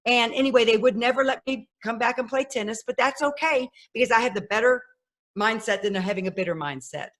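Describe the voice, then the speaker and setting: A woman in her fifties, a podcast guest telling her life story in a lively way and acting out the voices of people she quotes. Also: a little high, fairly quick. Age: 50s. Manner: animated, acts out quoted voices. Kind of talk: personal storytelling.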